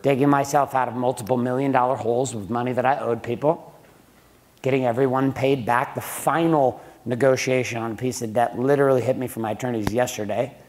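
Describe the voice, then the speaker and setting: A man's voice: medium pitch, steady tone, fairly quick, a little mellow. A middle-aged man giving a blunt, profane motivational business talk to a live audience, swearing freely and throwing questions at the room. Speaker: speaker teaching a room of men.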